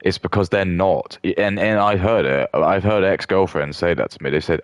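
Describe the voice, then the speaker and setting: A man's voice: low-pitched, moderate pace, few pauses, no echo. A man ranting in a crude, rambling way as a streamer doing mock commentary. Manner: rambling, crude, with many restarts and fillers.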